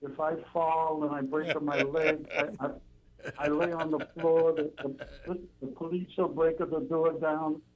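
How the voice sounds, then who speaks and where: A stubborn old Italian grandmother in broken English, as a man puts her on, high and slow, halting and insistent. It comes down a thin, tinny phone line. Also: level tone. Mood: reassuring.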